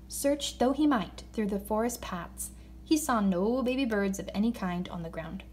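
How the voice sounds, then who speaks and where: A woman reading a children's story aloud in an expressive voice, slowing down for emphasis. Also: medium pitch. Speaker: narrator.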